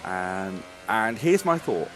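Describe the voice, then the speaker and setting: A man's voice: on the low side, sing-song, takes it slowly, music in the background. A man co-hosting a podcast, talking casually and working through his opinion aloud. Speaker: podcast co-host. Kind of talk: casual chat. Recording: background noise.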